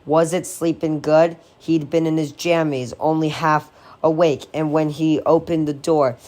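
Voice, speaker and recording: A woman reading a horror novel aloud in a measured, steady way. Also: sits low. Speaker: audiobook reader.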